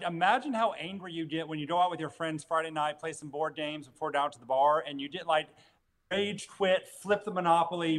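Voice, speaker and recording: A man with a slightly high voice talks easily in a casual podcast chat. He gives advice and teases the others in a relaxed way. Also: poor audio.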